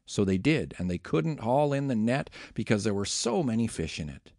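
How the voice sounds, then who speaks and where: Man, expressive scripture reading, lively pitch, gravelly voice, dry close sound. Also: moderate pace, hardly any pauses, dry recording. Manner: expressive, dramatic. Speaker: scripture reader.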